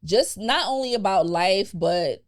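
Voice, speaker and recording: A young adult woman hosting a podcast in a studio, chatting in an animated, emotional way. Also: medium pitch, measured pace. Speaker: podcast host. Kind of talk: casual heartfelt chat.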